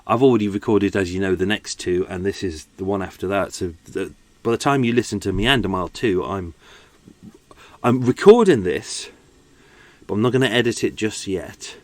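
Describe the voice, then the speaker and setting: A man's voice: lowish voice, animated, normal speed, dry recording. A man chatting casually and unscripted as a podcast host, tired and a little out of breath, talking from his boat. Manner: rambling, chatty, self-deprecating.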